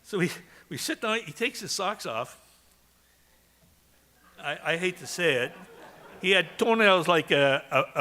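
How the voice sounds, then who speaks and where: A man's voice: on the high side, bright, forceful tone. A man from Canada giving a eulogy for his brother, telling chatty anecdotes and laughing along. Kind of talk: storytelling eulogy.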